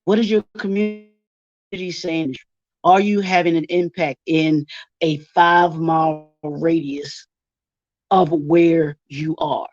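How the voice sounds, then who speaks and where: A man's voice: on the high side, steady tone, measured pace, no echo. A man from Baltimore giving a workshop presentation, asking rhetorical questions and restating each point. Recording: dull, dry lo-fi recording.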